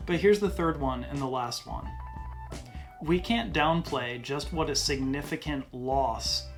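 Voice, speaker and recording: Man with a slightly high voice, teaching. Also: over music. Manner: conversational, slows down to stress key phrases. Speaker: podcast host. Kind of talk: casual Bible teaching monologue.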